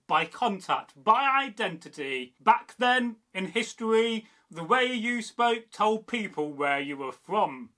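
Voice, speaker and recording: A man, from the Midlands, giving a scripted history narration in short, measured, dramatic phrases. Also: high-pitched, sharp tone. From English Midlands. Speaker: history presenter.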